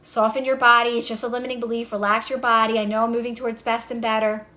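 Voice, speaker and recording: A woman on a phone livestream, coaching viewers in a casual way, repeating calm instructions and answering their comments. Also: fairly high pitch, fast. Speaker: manifestation coach. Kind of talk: casual TikTok live talk.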